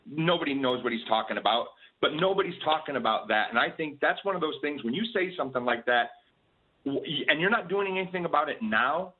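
A man calling into a radio show, asking earnest, indignant questions. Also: fairly high pitch. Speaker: radio caller. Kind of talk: call-in radio. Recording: tinny phone line.

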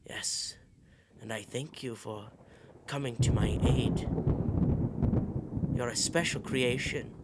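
A man voicing an aging noble count who speaks slowly and formally. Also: mid-range voice, heavy background noise, lightly acted. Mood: grateful.

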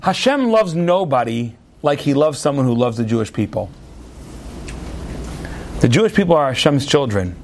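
A middle-aged man giving a sermon, telling stories with acted-out quotes in an animated way. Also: medium pitch, moderate pace, long pauses, a little hiss or hum.

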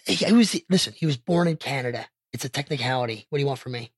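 A man's voice: medium pitch, rapid-fire, dry recording. Man teasingly running a podcast quiz. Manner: playful, teasing, quizzing. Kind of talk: casual chat.

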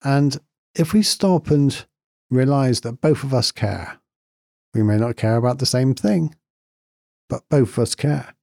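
A man's voice: mid-range voice, a little slow, creaky, long pauses, warm tone, no echo, clean studio sound. A man giving a reflective spoken talk, telling stories and repeating his points for emphasis.

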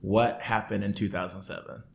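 A man telling a story in a casual interview, acting out what people said in raised, lively voices. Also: on the low side, normal speed, creaky, a little hiss or hum. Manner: animated, acts out quotes in raised voices. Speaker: podcast guest.

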